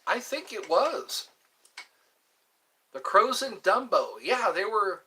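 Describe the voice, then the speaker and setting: A man hosting a casual live stream, musing aloud and half-singing song lines softly. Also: sits high, sing-song, slow pace, long pauses.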